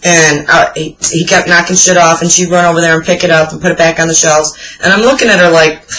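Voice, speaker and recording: A woman's voice: low voice, level tone, a little fast, fairly bright tone, slight background noise, low-quality recording. A woman in her forties chatting casually to camera, telling blunt, profane stories with plenty of swearing. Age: 40s. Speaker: vlogger answering a tag video. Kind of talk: casual chat.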